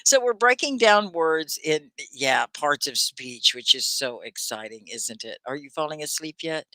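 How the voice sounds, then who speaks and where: A woman's voice: low-pitched, sharp tone, dry recording. A woman hosting a live online English lesson, greeting viewers by name and asking them question after question. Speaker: ESL teacher hosting a live stream.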